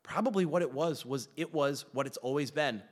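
Animated high-voiced preacher in a reverberant hall. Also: male voice, fairly quick. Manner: animated, asks rhetorical questions, self-deprecating asides. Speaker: pastor. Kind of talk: sermon. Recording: long reverb of a large hall.

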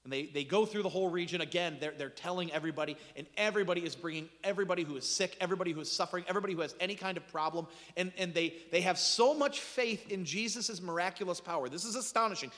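A man preaching a sermon in an animated storytelling manner, with dramatic swings in pitch and loudness. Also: very fast, hardly any pauses, long reverb tail. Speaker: pastor.

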